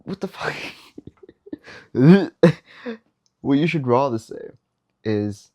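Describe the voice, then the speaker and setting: A man's voice: mid-range voice, big pitch swings, takes it slowly, long pauses, a little mellow. A young man giving dating advice in a casual, blunt, slangy monologue, often mocking the habits he warns against.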